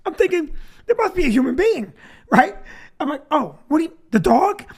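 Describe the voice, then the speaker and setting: A man with a very high, sing-song voice tells a comic story at a moderate pace. He's the comedian hosting a live show, and he laughs through his own jokes.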